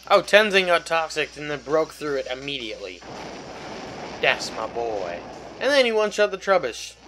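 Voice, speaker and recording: A man's voice: fairly high pitch, big pitch swings, normal speed, background noise. A man casually commenting on his game run, chatty and jokey, swearing freely. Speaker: let's play host.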